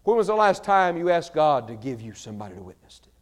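A man preaching a sermon, swinging between shouted fervor and quiet storytelling. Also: fairly high pitch, very animated, fast talker. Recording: reverberant large hall.

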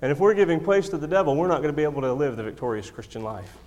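Racing along in a slightly high, darkish voice, this preacher delivers an animated, emphatic sermon with repeated key lines and self-deprecating jokes. He speaks into a handheld or stand mic in a church sanctuary, and the recording carries long hall reverb.

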